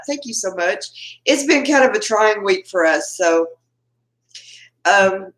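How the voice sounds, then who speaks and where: A woman's voice: mid-range voice, expressive, slow, pauses often, a bit bright. A Texan woman hosting a casual live chat with her viewers from home, chatty and laughing often as she greets them by name. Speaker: livestream host. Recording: roomy echo.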